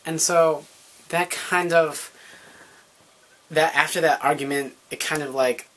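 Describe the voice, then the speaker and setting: A young adult male vlogger with a fairly bright, steady, rather high voice speaks slowly to camera. He tells a personal story in a chatty, casual way, full of fillers and little acted-out quotes.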